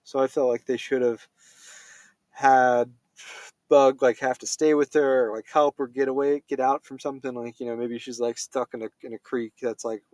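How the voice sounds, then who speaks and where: A man's voice: mid-range voice, flat delivery, moderate pace, a little mellow, no room sound. Rambling male film reviewer. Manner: rambling, full of fillers and self-corrections. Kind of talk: casual spoken film review.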